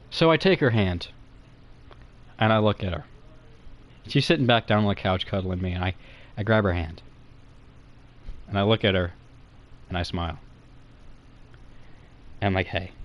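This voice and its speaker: Animated young man swearing through a story. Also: on the low side, highs cut off. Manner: animated, profane, rambling. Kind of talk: comic storytime.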